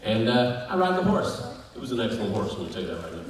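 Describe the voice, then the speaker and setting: A man at a convention panel telling comic stories in an animated, jokey way. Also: on the low side, fast. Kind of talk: convention Q&A storytelling. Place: large convention hall. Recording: echoey hall from far off, crowd noise.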